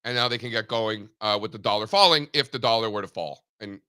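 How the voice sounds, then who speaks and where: A man co-hosting a casual market talk show over a video call, animated and joking, with lots of fillers. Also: lowish voice, fast talker, smooth.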